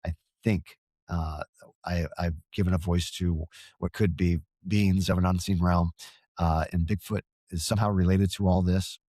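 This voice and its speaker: This paranormal field researcher is chatting casually as a podcast guest, earnest and rambling, frequently stumbling and restarting his sentences. He has a low, mellow voice with a steady tone and a normal speed, and there's no echo.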